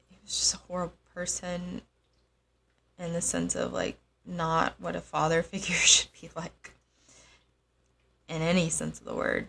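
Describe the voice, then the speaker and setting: A young adult woman telling a personal story in a halting, soft-spoken way, with frequent pauses. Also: fairly low pitch, sing-song, vocal fry, slight background noise. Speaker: host.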